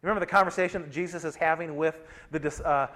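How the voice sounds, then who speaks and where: A middle-aged man, a pastor, preaching a sermon in a conversational way, mixing personal stories with scripture and shifting his loudness often. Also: a little high, fairly even intonation, fast.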